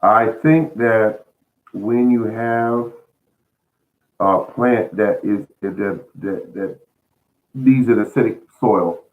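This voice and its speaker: Low-voiced man giving folksy garden tips. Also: takes it slowly, long pauses. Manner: folksy, earnest, repeats words and restarts often. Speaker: host of a home gardening show. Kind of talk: casual spoken gardening advice. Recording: tinny phone-like sound.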